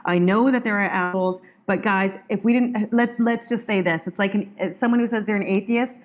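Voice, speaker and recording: A woman's voice: medium pitch, a little fast. A woman hosting a group video call, talking in a blunt, firm way with many restarts. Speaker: call host. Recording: dull lo-fi call audio.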